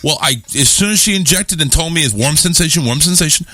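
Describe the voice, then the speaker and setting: A man hosting a talk show, telling a long, animated, swear-heavy story that pokes fun at his own panic. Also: a little high, fast, dry recording. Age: adult, married. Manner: animated, swears freely, self-mocking about his health scare. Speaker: radio show host. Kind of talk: casual storytelling chat.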